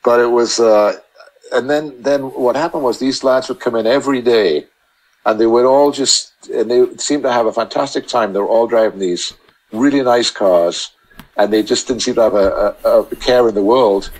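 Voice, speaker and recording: A man chatting as a podcast guest, telling long, halting anecdotes full of restarts. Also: medium pitch, darkish tone, poor audio. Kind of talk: casual storytelling chat.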